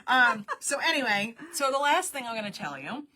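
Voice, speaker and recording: A woman running a casual live stream for her shop, chatty and quick to laugh. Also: sits high, very animated, sharp tone, a little hiss or hum.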